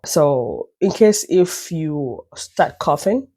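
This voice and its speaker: This Nigerian vlogger has a low, warm, slightly rough voice and takes her time, though she stays animated as she meanders through a story at home. Stuffy-nosed and coughing occasionally, she keeps it chatty and self-deprecating, full of side trips, for a casual storytelling vlog. The sound is clean studio quality with no room echo.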